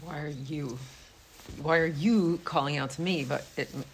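A woman with a low voice joins a class discussion. She speaks thoughtfully and offers her own take on the verses. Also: moderate pace, a little hiss or hum. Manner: thoughtful, adds her own reading of the text. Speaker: class participant.

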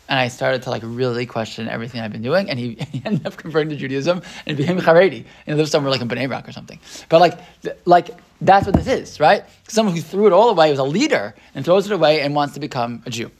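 A man teaching a Torah class in a casual, rambling way, with many restarts and tag questions. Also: fairly high pitch.

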